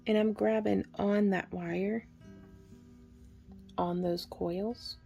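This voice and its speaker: Female craft instructor, mellow dark tone, casual step-by-step tutorial delivery. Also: mid-range voice, drawn-out words, vocal fry, faint music behind. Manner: relaxed, chatty, counts stitches aloud.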